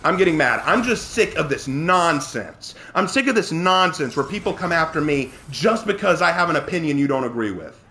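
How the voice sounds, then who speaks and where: A male streamer rants at his chat while he plays, heated and indignant. His voice sits high and leaps around in pitch as he pushes back at viewers by name. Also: big pitch swings, normal speed, hardly any pauses, sharp tone. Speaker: streamer and writer. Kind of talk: live-stream rant to chat while gaming.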